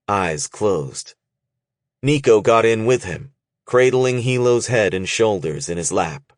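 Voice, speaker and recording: A man narrating an audiobook in a measured, expressive reading. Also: on the low side, no room sound, clean studio sound. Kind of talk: scripted narration.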